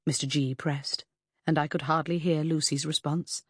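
A woman narrating an audiobook in the first person, measured and composed. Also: low-pitched, fairly even intonation, fairly bright tone, breathy edge, no echo, studio quality.

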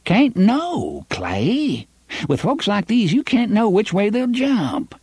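Quavery old gunslinger guy, sly and careful, high shaky voice. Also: wildly swooping pitch, slow, a little mellow, husky, dry recording, clean studio sound, heavily acted. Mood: cautious, scheming. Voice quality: quavering, drawling. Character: old-sounding male gunslinger, wary and sly.

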